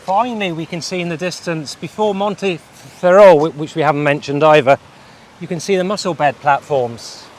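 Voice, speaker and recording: A Glasgow-born man with a southern English accent, chatting as a guide on an outdoor coastal walk, halting and restarting his sentences. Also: fairly high pitch. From Scotland. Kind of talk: casual tour chat.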